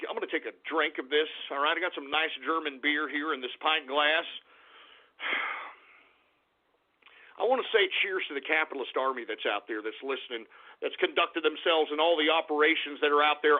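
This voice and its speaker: High-voiced guy with a gravelly edge, yelling and cussing through a tinny phone-like line. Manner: loud, profane, frequently shouting. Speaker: radio show host. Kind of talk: ranting radio monologue. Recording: phone-like lo-fi radio sound.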